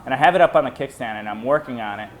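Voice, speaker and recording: Casting: man in a casual interview, animated storyteller who acts out others' lines, faint background noise. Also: mid-range voice, very fast. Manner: animated, acts out quoted voices. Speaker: moped club member.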